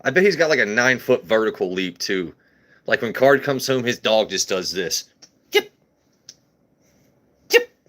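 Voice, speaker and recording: A man with a lowish voice hosts a relaxed whiskey livestream, riffing crudely and joking with his viewers. He talks off the cuff, swearing freely as he chats and pours. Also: moderate pace. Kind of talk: casual livestream chat.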